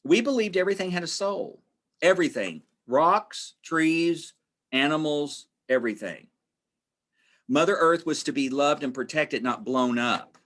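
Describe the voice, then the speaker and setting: A man's voice: fairly high pitch, lively intonation, a little slow, a bit bright. A man presenting a webinar in a conversational, storytelling way, repeating phrases for emphasis and acting out the voices of people he quotes.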